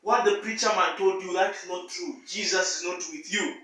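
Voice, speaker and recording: A man voicing a sly male devil who whispers low, taunting lies in a hushed voice, recorded in an echoey room away from the mic. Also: fairly even intonation, normal speed, recorded from a distance.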